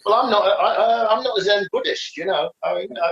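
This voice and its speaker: A man's voice: high-pitched, a little fast, vocal fry, fairly bright tone. A man co-hosting a casual podcast chat, rambling with many restarts and fillers. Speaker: podcast co-host, karate teacher. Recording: echoey, dull lo-fi sound.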